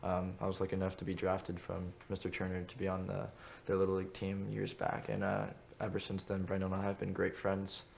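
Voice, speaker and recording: A man recalling a friend's family in a slow, measured personal tribute. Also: deep voice, monotone, vocal fry, darkish tone. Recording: faint background hiss.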